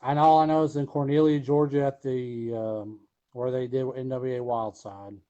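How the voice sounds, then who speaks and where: A man's voice: medium pitch, steady tone, normal speed, warm tone, lo-fi sound. A man being interviewed, telling a long story casually with many fillers and restarts. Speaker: wrestler guest.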